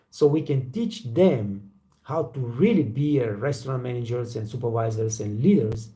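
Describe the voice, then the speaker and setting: Gravelly blunt man. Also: mid-range voice, warm tone. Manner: blunt, profane, storytelling with acted quotes. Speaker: waiter trainer and channel host. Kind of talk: casual motivational talk to camera.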